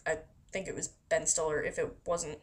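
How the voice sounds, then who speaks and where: A woman's voice: deep voice, level tone, moderate pace. Chatty woman rambling with laughs. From Florida. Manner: chatty and self-deprecating, laughs often, swears casually. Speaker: vlogger answering a voice meme questionnaire. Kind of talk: casual rambling monologue.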